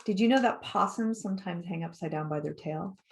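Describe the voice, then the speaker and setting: A middle-aged woman, a children's author, reading her picture book aloud to kids in a lively, encouraging way and asking them questions. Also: fairly low pitch, fairly quick, gravelly. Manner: lively, animated and encouraging, with questions put to young listeners. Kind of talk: read-aloud storytime for kids.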